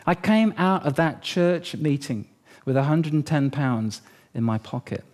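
A middle-aged man preaching a sermon as pastor, telling a story in a lively, humorous way. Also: fairly high pitch, unhurried.

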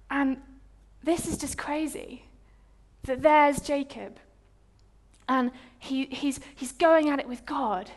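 Brief: high-pitched woman delivering a sermon with dramatic, storytelling flair. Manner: lively storytelling, dramatic pauses. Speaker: preacher.

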